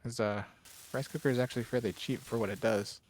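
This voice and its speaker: A man's voice: mid-range voice, steady tone, quick pace, a little mellow, no echo. A man chatting casually while gaming with a friend, cracking dry teasing jokes. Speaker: co-player.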